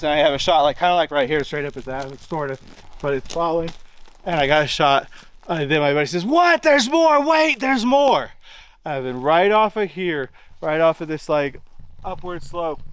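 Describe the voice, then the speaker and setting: Man rambling outdoors, smooth dry voice. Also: fairly high pitch, dry recording, low-quality recording. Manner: rambling, full of "like" and pointing "right here". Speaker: eyewitness recounting a hunt. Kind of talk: casual on-location retelling. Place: outdoors in a wooded area.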